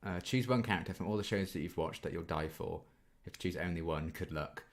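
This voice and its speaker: A deep-voiced man speaking fairly quickly hosts a relaxed Q&A for his YouTube reaction channel. He's in his twenties, reads viewer questions out loud, and talks through his answers with a lot of ums.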